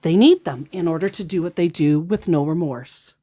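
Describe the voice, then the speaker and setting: A woman's voice: fairly low pitch, normal speed, dark tone. A woman giving blunt, sarcastic casual commentary as a scam baiter.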